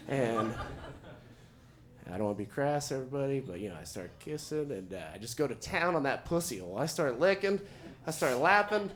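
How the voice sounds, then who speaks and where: Stand-up comic, man from Oklahoma, mid-pitched voice, chatty storytelling, dry asides. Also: a little fast. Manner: conversational storytelling, deadpan asides. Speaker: stand-up comedian. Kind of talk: stand-up set. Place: comedy show venue with audience.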